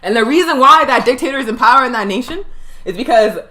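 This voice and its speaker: Woman going off on a livestream, bright sharp voice, slightly high, fired up and tired. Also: animated. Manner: fiery, emphatic, slows down to stress points. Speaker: political education show host. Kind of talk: impassioned political commentary.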